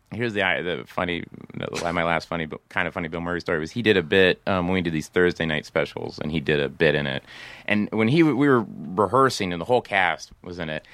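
A male comedian telling casual anecdotes on a podcast, animated and laughing often, slipping into voices. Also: deep voice, normal speed, no room sound. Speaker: comedian and guest storyteller.

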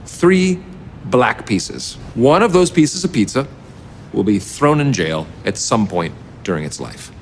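A man's voice: medium pitch, very animated, unhurried, a little hiss or hum. An actor playing a naive, earnest man facing prison in film comedy dialogue, prim and precise.

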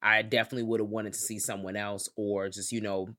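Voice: low voice, little pitch movement, fast, bright, forceful tone. A podcast co-host giving a casual movie review, laying out points one by one while thinking aloud, with frequent fillers and swearing.

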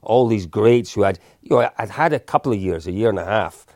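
A man's voice: fairly low pitch, expressive, fairly quick, darkish tone, dry recording, studio quality. A man in his fifties, a guest telling casual stories in a chatty, self-deprecating way with lots of restarts. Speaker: interview guest. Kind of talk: casual storytelling.

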